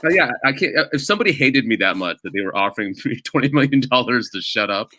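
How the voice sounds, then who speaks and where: A man's voice: medium pitch, expressive, fast talker, pushed and bright, dry recording. A male stand-up comedian as a guest on a casual podcast, telling rambling self-deprecating stories.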